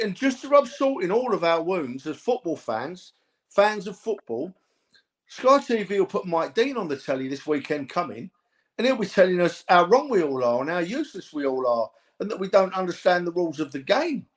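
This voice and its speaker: An older man in his sixties or seventies, a podcast co-host giving an emotional, exasperated rant about football refereeing. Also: high voice. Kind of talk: impassioned rant.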